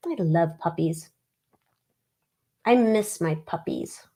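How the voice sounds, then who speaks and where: A woman's voice: fairly low pitch, moderate pace. A woman hosting a casual livestream, chatting bluntly and reading viewer comments. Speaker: livestream host.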